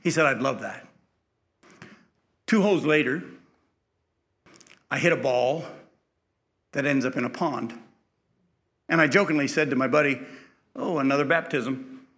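A man's voice: on the high side, moderate pace, pauses often, a bit bright. A man preaching a sermon, telling a personal story in a conversational way, acting out the dialogue, then building to emphatic preaching.

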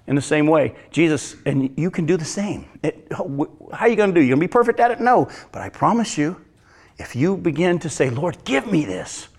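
A male pastor preaching a sermon in a conversational way, asking the congregation questions and swinging between emphatic lines and hushed ones. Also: on the high side, animated, fairly quick. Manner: addresses congregation directly, asks questions.

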